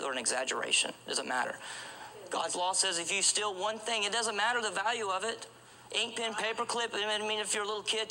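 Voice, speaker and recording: A man's voice: high-pitched, sharp tone, low-quality recording. A man preaching an evangelistic sermon, urgent and repetitive, asking rhetorical questions and often restarting his phrases.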